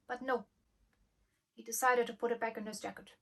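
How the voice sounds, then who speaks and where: A young woman, hosting a storytime vlog and telling an anecdote in a lively way, acting out the dialogue. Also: a little high, brisk, vocal fry. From Germany. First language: German. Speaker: channel host.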